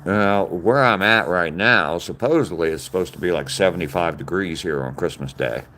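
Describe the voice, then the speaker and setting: An older man chats casually on a live stream, answering viewer comments in a plain, direct way. His voice sits very low. A faint hum runs underneath. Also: moderate pace, pushed and bright. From Southern US.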